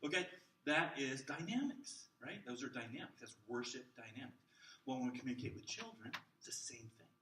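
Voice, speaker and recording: A man teaching a class of children's ministry workers, jumping between loud bursts and soft near-whispers to show how to use the voice. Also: medium pitch, lively intonation, a little fast, a little hiss or hum. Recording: roomy echo, mic at a distance.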